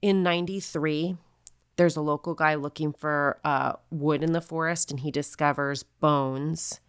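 Woman with a low smooth voice chatting thru a murder case, lots of um and like, dry close mic. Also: fairly even intonation, a little slow, dry recording. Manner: chatty, filler-heavy, quotes people in asides. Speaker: podcast co-host. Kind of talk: casual true-crime storytelling.

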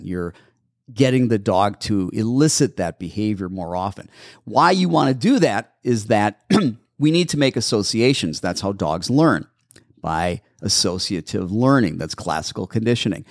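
A male podcast host who answers listener questions on dog training in a lively, up-and-down voice, walking through each step and repeating it patiently. The sound is dry and close, with no room around it. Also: lowish voice, no room sound. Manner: practical, instructive, repeats steps patiently. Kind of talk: call-in radio show Q&A.

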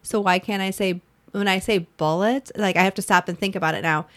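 A woman's voice: mid-range voice, steady tone, a little fast, fairly bright tone. A middle-aged woman co-hosting a casual chat, rambling with many restarts and fillers. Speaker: podcast co-host.

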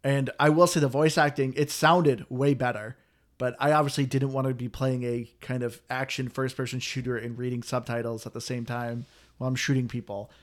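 A man's voice: medium pitch, level tone, brisk. A man hosting a casual chat, talking in a chatty, complaining way. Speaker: podcast host.

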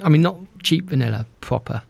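A man's voice: on the high side, lively intonation, fairly quick, creaky, darkish tone, no room sound. A man, a guest on a radio interview, who talks in a self-deprecating way and often restarts his sentences. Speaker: interview guest, estate agent.

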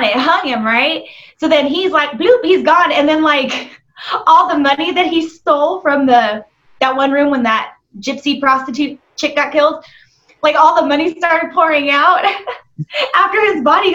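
A woman with a fairly high voice talks loosely, stacking up fillers and breaking into laughs. The audio is dull and lo-fi. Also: fairly bright tone. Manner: rambling, laughs a lot, lots of "like". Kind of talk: casual movie review chat.

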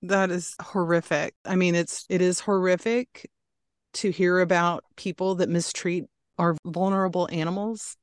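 A woman podcast host who speaks in a measured, sympathetic way to her guest. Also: lowish voice, fairly even intonation, clear, resonant tone, no room sound, studio quality. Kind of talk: interview conversation.

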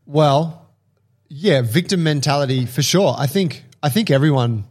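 A man co-hosting a podcast, chatting casually, reflective but quick with blunt jokes. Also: on the high side, a little mellow, husky. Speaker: podcast co-host.

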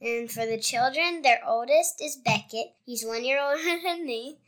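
A woman's voice: high-pitched, normal speed, fairly bright tone. A young girl co-hosting a podcast, chatting in a giggly, blunt and playful way. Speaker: co-host, young daughter. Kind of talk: casual podcast chat.

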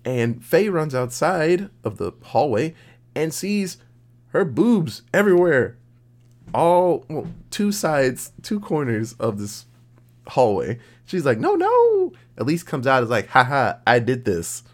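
A man co-hosting a podcast, casually recapping a horror movie plot with lots of swearing and jokes, slipping into quick voices for the characters. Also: fairly high pitch, expressive. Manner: profane, jokey, acts out characters mid-recap. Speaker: podcast co-host.

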